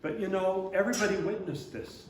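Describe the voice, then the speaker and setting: Older man telling a story in a church hall. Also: brisk. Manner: animated storyteller, booming put-on Santa laughs. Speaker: abbot. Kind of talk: storytelling talk to a congregation. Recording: echoey hall, speaker far from mic, faint hiss.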